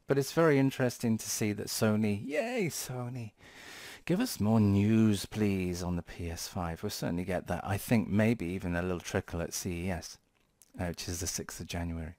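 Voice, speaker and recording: A man's voice: low-pitched, a little fast, darkish tone, no room sound, studio quality. A man hosting a tech channel, chatting casually in a rambling, playful way with frequent self-corrections. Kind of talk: casual vlog commentary.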